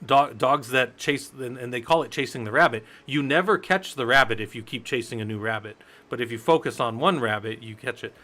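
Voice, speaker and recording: A man's voice: mid-range voice, pushed and bright. Rambling casual man teaching Linux. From United States. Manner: rambling, conversational, tells stories with acted quotes. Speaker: livestream Linux instructor. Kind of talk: casual live-stream teaching.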